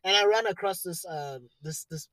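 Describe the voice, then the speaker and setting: Young man, co-host, easy animated chat with laughs, high and bright, dry close sound. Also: normal speed, dry recording. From South Africa. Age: young adult. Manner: animated, laughs often, trails off into mumbles. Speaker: podcast co-host. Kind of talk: casual chat.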